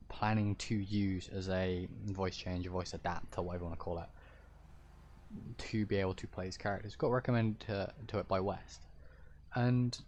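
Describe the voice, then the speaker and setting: A man with a deep-ish, fairly low voice talks casually to his stream viewers as a roleplay streamer. He explains things in a rambling, hesitant way, stopping and restarting his thoughts. A faint hiss sits under his voice. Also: darkish tone, lo-fi sound.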